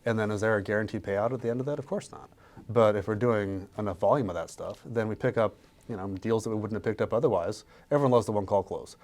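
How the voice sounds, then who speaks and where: A man who invests in real estate, talking casually on a podcast and acting out sales pitches with animation. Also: fast, a little mellow.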